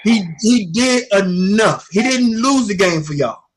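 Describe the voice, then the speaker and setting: A man's voice: high-pitched, expressive, unhurried, slightly rough. A man telling a long, rambling story in casual sports chat, often repeating himself. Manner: rambling storyteller, repeats "I ain't gonna lie to you". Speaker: guest commentator.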